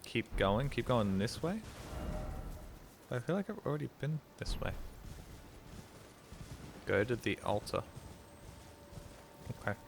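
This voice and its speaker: Male streamer, mid pitch, loose rambling game commentary, swears a lot, faint noise behind. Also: big pitch swings, slow, gravelly, long pauses. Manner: rambling, swears freely, talks to chat. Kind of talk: casual gameplay commentary.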